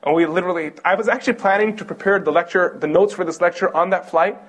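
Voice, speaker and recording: A young man from Kentucky giving an animated religious lecture, telling stories and asking the audience questions. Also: sits high, fast talker. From Kentucky, USA. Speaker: Islamic lecturer.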